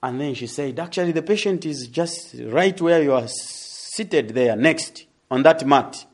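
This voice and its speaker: A young adult man telling a testimony in a sermon, animated and laughing as he tells the story. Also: a little high, unhurried. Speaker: preacher.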